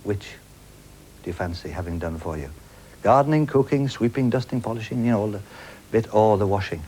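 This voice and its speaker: A man's voice: on the low side, brisk, darkish tone, slight background noise. A man hosting a studio game show with a jokey, teasing patter and a studio audience.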